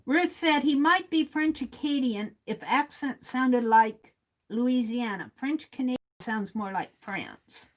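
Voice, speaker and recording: A woman hosting a casual livestream, reading viewer comments aloud, chuckling often and thinking out loud. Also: sits high, takes it slowly, low-quality recording. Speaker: livestream host.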